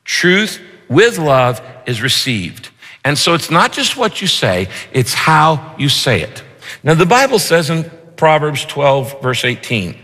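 A male pastor delivers a sermon with a lively voice that swings up and down. His tone is bright and on the higher side. A long reverb rings around him from a large church hall. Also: a little slow. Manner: animated, punchy rhyming lines.

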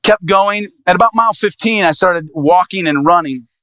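Animated male evangelist telling a story. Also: high voice, normal speed, no echo. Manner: animated, lively storyteller voicing quoted people. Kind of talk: sermon storytelling.

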